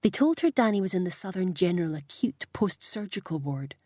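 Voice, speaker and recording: A woman reads a novel aloud in a measured, even manner. Her voice is husky and low, and the close mic gives it a dry, close sound with no room in it. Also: dry recording. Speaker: audiobook narrator. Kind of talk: scripted narration.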